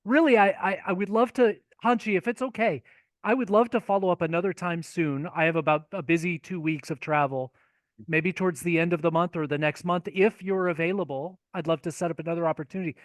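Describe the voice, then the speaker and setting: A man interviewing a guest over a call, courteous and deferential, speaking in a measured way. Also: high-pitched, dry recording, studio quality. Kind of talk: polite interview talk.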